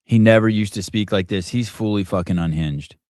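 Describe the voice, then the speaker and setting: A man hosting a call-in podcast, talking in a pushy, animated way with some swearing. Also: fairly low pitch, a little fast, no echo, clean studio sound. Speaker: podcast host. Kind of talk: casual call-in show chat.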